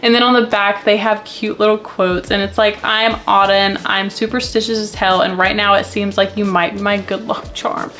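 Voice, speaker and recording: Young woman book vlogger, excitable and gushing, casual chat to camera. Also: medium pitch, moderate pace, few pauses.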